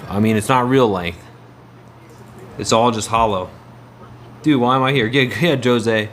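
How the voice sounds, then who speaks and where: A man's voice: medium pitch, unhurried, pauses often, a bit bright, a little hiss or hum. A man livestreaming, chatting casually in a rambling way and answering his viewers' messages.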